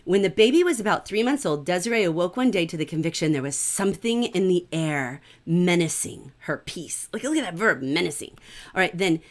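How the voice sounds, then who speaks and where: Middle-aged woman teaching a lit class on a livestream, chatty and animated, keeps saying right?. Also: on the low side, brisk.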